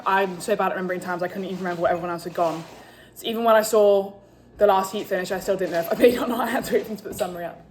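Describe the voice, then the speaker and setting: A young woman, chatting to her phone camera in a casual, giggly, hyper way. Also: fairly low pitch. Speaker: swimmer vlogging at competition. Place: hotel and pool area, indoors. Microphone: handheld phone camera. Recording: background noise, ambience.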